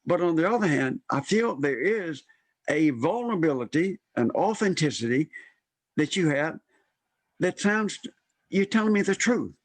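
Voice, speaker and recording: Older man, husky voice, slightly high pitch, lively personal storytelling, voices quoted people, dry close sound. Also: normal speed, dry recording. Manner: animated, acts out quoted voices. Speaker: guest storyteller.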